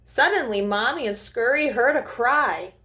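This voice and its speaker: A young woman reading a picture book aloud as a storyteller, in an expressive sing-song way. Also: a little high, unhurried.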